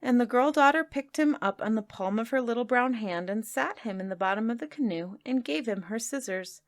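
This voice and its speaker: A woman podcast host reading children's stories aloud in a measured narration. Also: on the high side, expressive. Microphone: close home-studio mic.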